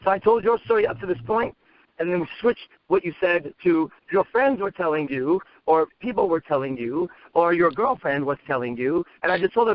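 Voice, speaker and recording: A man coaching in a brash, fast, swearing way, acting out a pushy conversation to show how a story should be told. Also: sits high, lively intonation, dull audio. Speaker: dating coach. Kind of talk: profane, fast role-play coaching.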